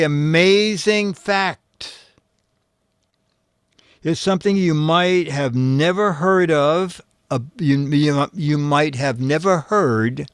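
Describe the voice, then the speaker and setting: A man hosting a casual comedy show, reading out photo captions and trading jokes in an unhurried way. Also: fairly high pitch, clear, resonant tone, no room sound. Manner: unhurried, reads captions aloud with dry jokes.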